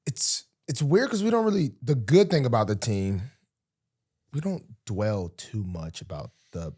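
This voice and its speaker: A young man, a football player co-hosting a podcast, talking casually in halting phrases full of restarts. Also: mid-range voice, very animated, darkish tone, slightly rough. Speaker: pro football player, co-host.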